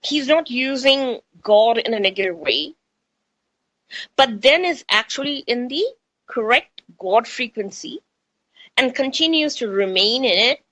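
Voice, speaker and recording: A woman's voice: on the high side, lively intonation, a little slow, a bit bright, no echo, rough recording. A middle-aged woman from India with an Indian accent, hosting a spiritual talk radio show in a chatty way and repeating phrases for emphasis.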